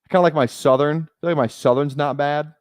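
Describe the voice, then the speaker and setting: A man's voice: fairly high pitch, fairly even intonation, quick pace, dry recording, studio quality. A young man from Minnesota chatting casually on a live stream, rambling and joking with many restarts. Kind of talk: casual live-stream chat while drafting.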